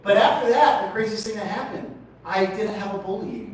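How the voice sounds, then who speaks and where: Man in his forties, stand-up comedian, crude profane crowd banter, slightly high voice, echoey club heard from a distance. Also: fast, few pauses. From Portland, Oregon, USA. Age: 40s. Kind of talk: open mic stand-up. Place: small comedy venue, indoors. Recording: echoey venue, distant mic.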